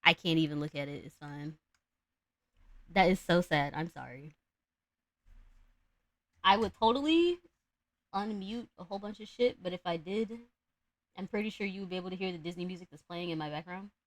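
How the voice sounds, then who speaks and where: A woman's voice: fairly low pitch, moderate pace, pauses often, dry recording. A young adult woman telling a fairy tale on a live stream, rambling, slangy and profane. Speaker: streamer and storyteller. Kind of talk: casual live-stream storytelling.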